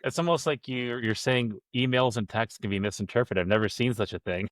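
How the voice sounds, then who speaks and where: A man's voice: medium pitch, a little fast, no room sound. A man hosting an interview, asking questions with a dry, wry sense of humor. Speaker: podcast host.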